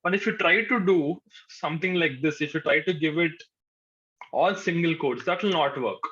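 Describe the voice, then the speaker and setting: Guy teaching coding live, slightly high voice, keeps saying okay, dull recording. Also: normal speed, bright, forceful tone. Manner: patient, repeats points, says "okay" often. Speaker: programming instructor. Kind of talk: live coding lecture to a class. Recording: dull lo-fi sound.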